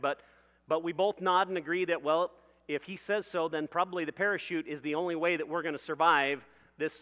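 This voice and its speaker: A man's voice: sits high, long reverb tail, muffled recording. A man preaching a sermon in a conversational way, building vivid everyday illustrations and laughing at his own jokes.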